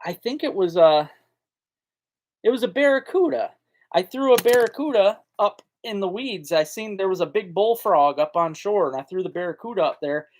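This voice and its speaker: A man's voice: high voice, animated, normal speed, darkish tone. A man hosting a live fishing chat, talking in a folksy, rambling way and answering viewers' comments. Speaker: fishing channel host. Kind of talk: casual live-stream chat.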